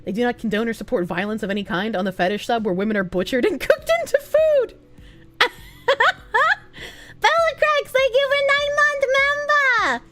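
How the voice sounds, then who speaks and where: A young woman livestreaming, reading chat messages aloud, thanking donors and laughing often in a loose, animated way. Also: mid-range voice, fast, soft background music. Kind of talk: live stream chat reading.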